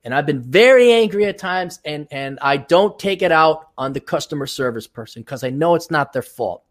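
A man's voice: on the high side, animated, normal speed. A man hosting a podcast, ranting in an exasperated, sarcastic and profane way. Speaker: podcast host. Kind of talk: ranting monologue.

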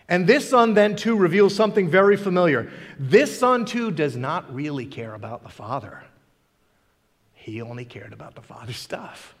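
High, lively preaching man in a reverberant hall. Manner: animated preaching, acting out characters' lines. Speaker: pastor. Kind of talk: sermon.

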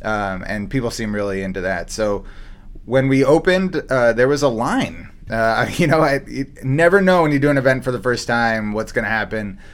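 A man's voice: medium pitch, lively intonation, normal speed. A man who runs a comic shop, telling loose rambling stories on a casual podcast with plenty of fillers and the odd swear.

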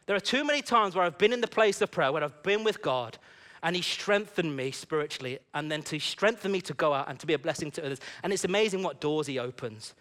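A man preaching a sermon in a church service, telling a personal story in an animated, conversational way. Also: fairly high pitch, fast talker.

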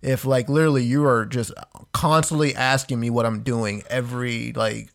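A man's voice: medium pitch, steady tone, normal speed, vocal fry. A man co-hosting a podcast with a mid-range voice. He talks loosely and hesitantly, often restarting and dropping "like" and "dude" as he makes his case. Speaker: podcast co-host. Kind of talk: casual debate chat.

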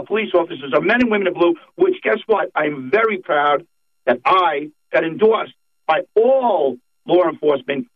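A man, a political candidate calling in to a radio show, talking emphatically and repeating his points. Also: sits high. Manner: emphatic campaign talk, repeats phrases. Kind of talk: phone-in radio interview. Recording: tinny phone line.

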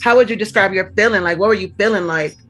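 Bright, high-voiced man asking questions. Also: fast talker. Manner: eager reactions and follow-up questions. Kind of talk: casual chat.

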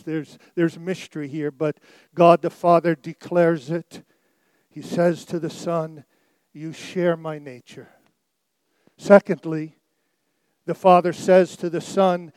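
A middle-aged man preaching a sermon, rising to loud emphatic peaks and dropping to quiet phrases. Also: fairly high pitch, little pitch movement, slow, pauses often, smooth, no echo. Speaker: pastor.

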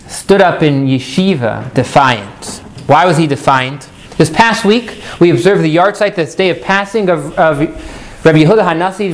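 A man teaching a live class, animated and jokey, putting questions to his students. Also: on the high side.

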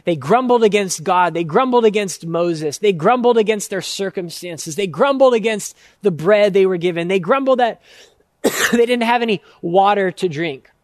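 A man's voice: high-pitched, lively intonation, no echo, clean studio sound. A male pastor preaching a sermon in an earnest, emphatic way, stretching out key words and repeating phrases for weight. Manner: earnest, emphatic, drawn-out repetition.

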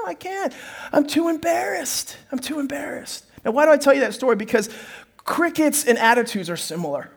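A man with a high, light voice preaches to his congregation in a playful, storytelling way. He speaks straight to the listeners as he leads them through the sermon. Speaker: pastor.

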